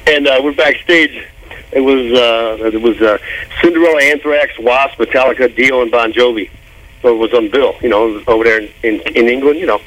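A man in his fifties, a rock bassist telling stories on a radio interview, loose and animated, swearing casually and drawing out "man.". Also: poor audio. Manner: animated storytelling, swearing, laughing, drawn-out "man". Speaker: guest musician.

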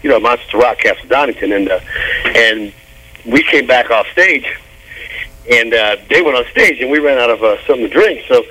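A man in his fifties tells backstage stories on a radio show. His voice is bright and lively, rising and falling a lot, loose and profane, with a trailing "man" on his sentences. Broadcast radio sound. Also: medium pitch, rough recording. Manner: animated storytelling, swearing, laughing, drawn-out "man". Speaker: guest musician. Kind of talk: casual interview on radio.

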